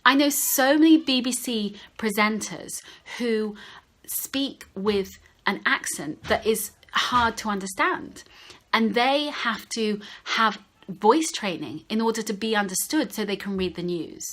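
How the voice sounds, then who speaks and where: A woman's voice: medium pitch, takes it slowly, fairly bright tone. A woman voice coach giving a motivational talk straight to her viewers, speaking in an encouraging, direct way. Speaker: confidence and voice coach.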